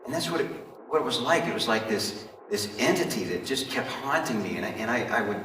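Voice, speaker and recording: A man's voice: mid-range voice, expressive, fairly quick, sharp tone, slight background noise. A man giving an earnest stage monologue, confiding directly in his audience. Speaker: stage performer telling his life story. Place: stage in a large hall. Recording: echoey hall from far off.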